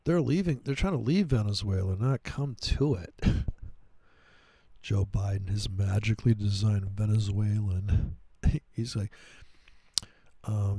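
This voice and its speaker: A man's voice: lowish voice, slow pace, pauses often, dark tone, husky, dry recording. A man hosting a trading livestream, ranting crudely and mockingly in a casual, profane way. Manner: crude, mocking, puts on silly voices for quotes. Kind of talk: rambling profane political rant.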